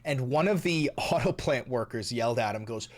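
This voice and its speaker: A man's voice: medium pitch, lively intonation, normal speed. A young man hosting a commentary vlog, ranting in a heated, mocking and profane way. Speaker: host.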